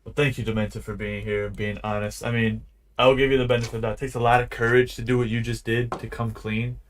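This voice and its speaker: A man's voice: mid-range voice, level tone, quick pace, a little hiss or hum. A man interviewing someone online in blunt, casual, slangy talk.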